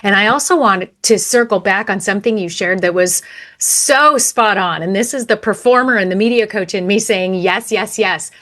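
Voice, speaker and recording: A woman's voice: medium pitch, moderate pace, a bit bright. A woman co-hosting a podcast who works as a media coach, building on her co-host's advice in easy conversation.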